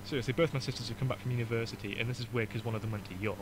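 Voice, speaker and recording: A man's voice: mid-range voice, fairly even intonation, noisy background. A young man with a Northern English accent, hosting a podcast in a rambling, joking chat. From Northern England. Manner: joking, rambling, quick to mock. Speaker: podcast host. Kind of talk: casual chat.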